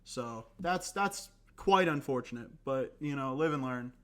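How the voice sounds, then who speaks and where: A hoarse young man hosting a casual solo podcast, rambling and self-deprecating with lots of fillers and restarts. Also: mid-range voice, lively intonation, measured pace, a bit bright. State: hoarse, recovering voice. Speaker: podcast host.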